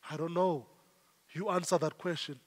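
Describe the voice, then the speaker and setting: High-voiced South African preacher, echoing. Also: male voice, fairly even intonation, moderate pace. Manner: emphatic, repeats phrases in rising waves. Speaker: pastor. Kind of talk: sermon. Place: church. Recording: long church hall reverb.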